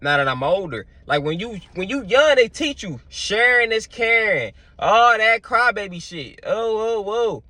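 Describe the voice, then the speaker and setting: A man's voice: high-pitched, very animated, measured pace, hardly any pauses, bright, forceful tone, dry recording. A young man, telling stories in a loose, slangy vlog monologue full of fillers. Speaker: vlogger. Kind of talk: casual storytelling monologue.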